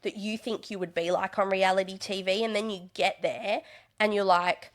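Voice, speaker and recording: A young woman in casual interview chat, chatty and animated, slipping into exaggerated voices when she quotes people. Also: mid-range voice, normal speed. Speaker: podcast guest, reality TV contestant and stand-up comedian.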